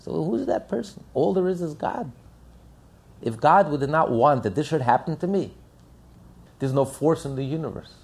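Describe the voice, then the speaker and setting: A man's voice: medium pitch, a little mellow. A man giving a sermon as a rabbi, emphatic and repetitive, firing rhetorical questions. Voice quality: gravelly, husky.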